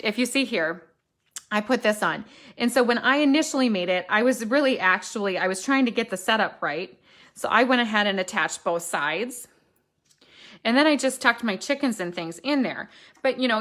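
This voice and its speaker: A woman's voice: mid-range voice, a bit bright. Chatty woman demonstrating crafts. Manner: chatty, thinks aloud and corrects herself. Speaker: stamping demonstrator.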